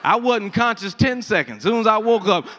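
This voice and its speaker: A man doing a stand-up comedy set on stage, telling stories with animated delivery and acting out the voices of people in them. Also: high-pitched, a little fast, long reverb tail, heavy background noise. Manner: animated storytelling, acts out voices. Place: comedy stage before a live audience.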